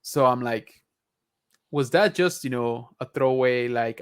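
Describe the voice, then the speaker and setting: Male podcast co-host, casual and rambling, mid-pitched voice. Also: measured pace, clear, resonant tone. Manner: rambling, many fillers and restarts. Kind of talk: casual chat.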